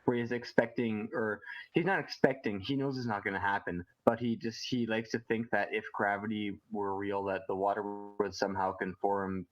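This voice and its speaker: A man from Canada co-hosting a casual live chat, animated and laughing, with frequent swearing. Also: fairly low pitch, moderate pace, dull audio. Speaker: co-host.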